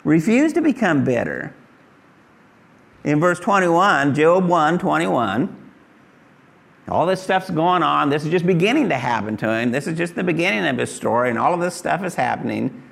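Man, middle-aged, pastor, sermon, emphatic, gravelly, animated pitch. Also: moderate pace. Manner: emphatic preaching, acts out pleading prayers.

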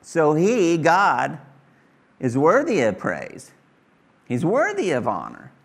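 A man's voice: a little high, wildly swooping pitch, takes it slowly, creaky. A middle-aged man preaching a sermon to his congregation in a folksy, conversational way, repeating his phrases. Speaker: pastor. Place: church hall with congregation.

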